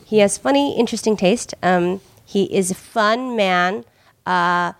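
A woman's voice: medium pitch, a little slow, creaky, no echo. A woman comedian telling stories in a loose, rambling way, full of filler words. Her voice sits in a middle register and the recording is dry and close. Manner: rambling, many "like"s and laughs. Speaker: comedian guest. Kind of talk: casual podcast chat.

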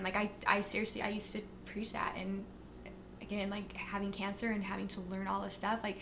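A woman guest on a podcast, chatting casually as a fitness and nutrition coach. She tells stories in an animated way, full of fillers and acted-out quotes. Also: mid-range voice, fairly quick, vocal fry, slight background noise. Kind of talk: casual interview chat.

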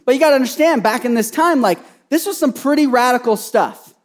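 A male pastor preaching an energetic sermon, bubbly and excitable, filling his talk with "like" and "right?". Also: very high-pitched, brisk. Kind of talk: energetic sermon to a church congregation.

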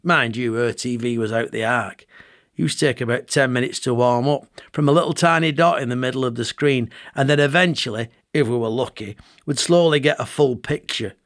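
A man's voice: medium pitch, fairly bright tone, no room sound. Dry-voiced Bolton man telling stories. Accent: Bolton, Lancashire. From England. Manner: dry, chatty storytelling with northern dialect. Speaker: comedian reading his own memoir. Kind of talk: audiobook narration.

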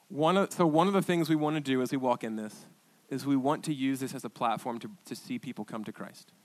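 A man pastor preaching a sermon, telling a story with many restarts and asides, then building to emphatic repeated declarations. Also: mid-range voice.

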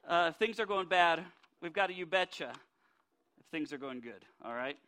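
Animated folksy preacher. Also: male voice, a little high, normal speed. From North Dakota. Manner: folksy, animated, with many restarts. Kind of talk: sermon.

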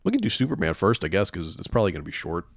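A man's voice: low-pitched, huge pitch swings, racing, no echo. A man co-hosting a podcast in casual chat, laid-back with dry short replies. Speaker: podcast co-host.

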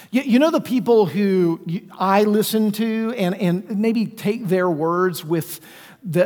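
A man preaching a sermon as pastor, talking conversationally and putting questions to his listeners. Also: high-pitched. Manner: conversational, asks the congregation questions. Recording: long reverb of a church hall.

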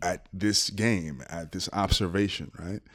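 A man's voice: sits low, fairly even intonation, unhurried. A man in casual podcast conversation, reflective, often laughing and repeating words as he gathers his thoughts. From United States. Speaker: podcast guest.

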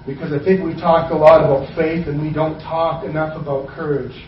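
A man with a high voice preaches a sermon, casual and joking as he retells scripture in plain, everyday words. He sounds set back from the microphone in a roomy, echoing hall, and the sound is a little dull. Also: little pitch movement, a little fast, far from the mic, a little hiss or hum. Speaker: pastor.

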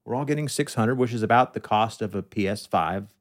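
A man's voice: on the low side, a little fast. A man hosting his podcast in casual chat, joking with a dry, sarcastic tone into a studio microphone. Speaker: podcast host.

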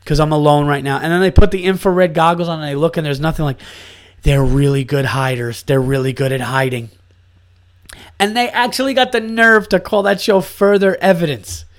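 A comedian hosts his podcast with a voice pitched a bit above most men. He rants in a casual, incredulous way, swearing freely as he builds his bits. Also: normal speed. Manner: animated, incredulous, swears often.

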